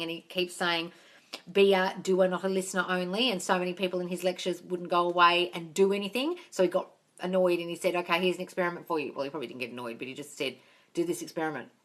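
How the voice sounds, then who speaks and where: A woman's voice: lowish voice, sharp tone. Blunt, swearing woman coaching live. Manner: blunt, swears freely, calls listeners darling. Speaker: manifesting coach answering live questions. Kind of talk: casual live-stream Q&A.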